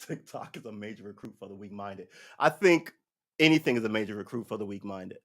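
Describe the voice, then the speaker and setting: A man's voice: on the low side, lively intonation, a little fast, a bit bright. A man giving a casual, opinionated live-stream monologue on current events, rambling and swearing as he goes. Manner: rambling, profane, mocks others with put-on voices. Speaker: live-stream political commentator.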